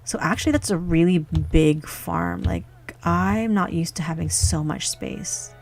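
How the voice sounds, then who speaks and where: A woman's voice: lowish voice, a little slow, gravelly, darkish tone, soft background music. A young woman casually commenting on her gameplay, muttering and thinking aloud at her computer. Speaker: gaming youtuber.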